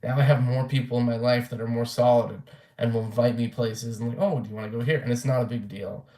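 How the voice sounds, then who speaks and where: A man's voice: medium pitch, little pitch movement, quick pace, dark tone. Young man, casual vlog rant, blunt and profane, loose rambling delivery, roomy echo. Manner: rambling, blunt, swears freely, many fillers. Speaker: vlogger.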